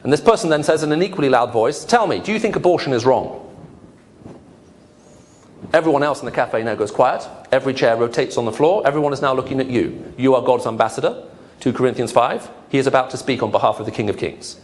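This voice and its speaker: In a lively lecture to a live audience, an apologetics lecturer talks fast in a mid-range voice, joking and asking rhetorical questions. There's slight background noise.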